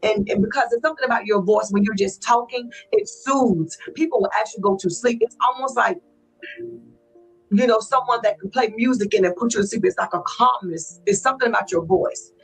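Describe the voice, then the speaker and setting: Woman, talk show host, husky, effusive, faint background music. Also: fairly quick, poor audio. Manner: effusive, repeats herself, swoops in pitch. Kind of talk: casual interview chat.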